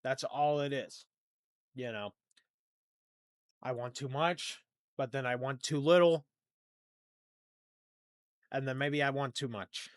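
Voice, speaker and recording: A man's voice: medium pitch, fairly even intonation, slow, pauses often, no room sound, clean studio sound. A young man hosting a solo podcast, rambling and self-deprecating, dropping to a mumble and then turning emphatic. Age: young adult. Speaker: podcast host. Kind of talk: casual solo podcast monologue.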